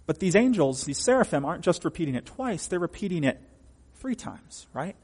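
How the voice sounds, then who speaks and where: A man's voice: fairly high pitch, very animated, a little fast, darkish tone, breathy edge, long reverb tail. A man preaching a sermon from the pulpit, emphatic and often asking the congregation questions. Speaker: pastor.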